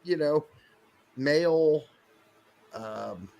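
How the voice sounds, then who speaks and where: A man co-hosting a soccer podcast, talking in loose, joking banter that drifts into asides and cheerful swearing. His voice sits fairly high, and his pitch swings widely as he talks. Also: lively intonation, drawn-out words, vocal fry, dark tone.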